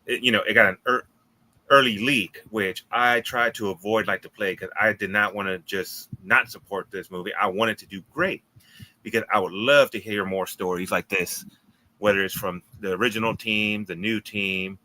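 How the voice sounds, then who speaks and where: Low bright guy rambling excitedly on a podcast. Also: moderate pace, rough recording. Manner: enthusiastic, rambling with fillers. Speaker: podcast co-host. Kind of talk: casual movie review chat.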